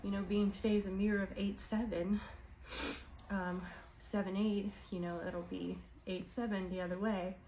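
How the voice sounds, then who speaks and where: A woman's voice: mid-range voice, level tone, moderate pace, mellow, a little hiss or hum, poor audio. A woman talking casually and emotionally to her viewers about her faith, rambling and apologizing as she goes. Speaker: co-host of a religious channel.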